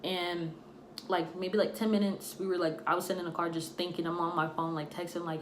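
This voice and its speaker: A young woman telling a storytime tale in a casual, animated way, acting out the voices of the people in it. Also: on the low side, brisk. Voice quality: animated, acts out quoted voices. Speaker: storytime vlogger. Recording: echoey room, faint noise.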